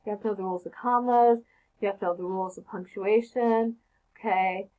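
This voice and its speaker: A woman's voice: medium pitch, steady tone, fairly quick, warm tone, muffled recording. A woman teaching a casual grammar lesson, talking conversationally and often checking in with "okay?".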